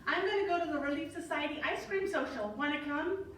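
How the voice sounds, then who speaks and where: Woman with a Zimbabwean accent doing nosy gossipy young roommate, sugary, prying, high-pitched, distant echoey hall. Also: brisk, a bit bright.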